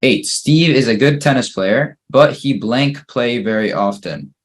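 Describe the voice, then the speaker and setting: A man's voice: mid-range voice, unhurried. A man teaching an English grammar lesson, patiently working through fill-in-the-blank exercises and praising each answer.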